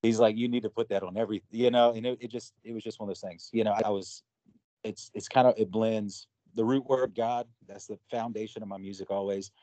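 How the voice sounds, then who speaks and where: A man's voice: lowish voice, fairly even intonation, brisk, dark tone, dry recording, poor audio. A man being interviewed about his music, talking loosely and rambling, with many fillers and retold conversations. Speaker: guest musician. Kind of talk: casual interview talk.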